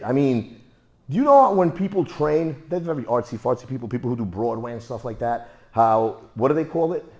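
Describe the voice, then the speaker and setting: Lively, emphatic martial arts instructor man. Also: mid-range voice. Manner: repetitive, emphatic, counts out moves. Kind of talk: hands-on drill coaching.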